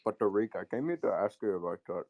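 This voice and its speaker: A man's voice: lowish voice, fast talker, a little mellow, no room sound, natural voice. A man calling in to troll, using a put-on Indian accent in a stilted, baiting delivery. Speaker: caller. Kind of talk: call-in prank.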